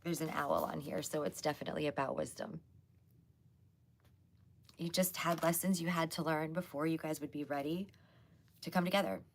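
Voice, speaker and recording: A woman hosting a casual live tarot reading, chatty and loose with lots of fillers, hoarse as she loses her voice. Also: low voice, steady tone, moderate pace, long pauses, slight background noise. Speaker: psychic tarot reader hosting a live stream.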